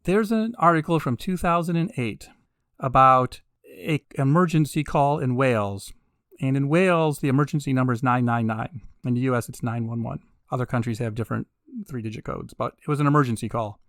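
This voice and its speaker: A man hosting a podcast in a casual monologue, wry and sarcastic with laughing asides, building to emphatic, drawn-out peaks. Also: mid-range voice, fairly bright tone, no echo, clean studio sound. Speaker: podcast host.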